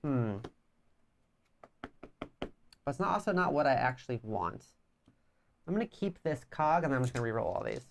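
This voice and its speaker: A woman's voice: extremely low pitch, sing-song, moderate pace, creaky, long pauses, a little hiss or hum. A woman co-hosting a board game playthrough in casual chat, teasing her opponent and reasoning through each move aloud. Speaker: board game player and co-host.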